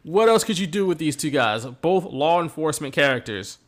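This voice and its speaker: A man's voice: on the high side, lively intonation, a little fast. A man hosting a podcast who tells stories animatedly and laughs often. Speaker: podcast host. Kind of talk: casual chat recapping wrestling.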